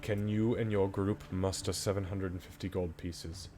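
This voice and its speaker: Brief: crude fatherly old dwarf, voiced by a man, low and gruff, tabletop game. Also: steady tone, moderate pace, warm tone, soft background music, close to an everyday voice. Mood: secretive. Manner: profane, theatrical, fatherly.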